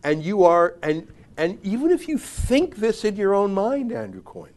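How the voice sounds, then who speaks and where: A man's voice: high voice, huge pitch swings, normal speed, darkish tone. A man hosting a commentary show, giving opinionated political commentary in a sarcastic, emphatic, mocking way.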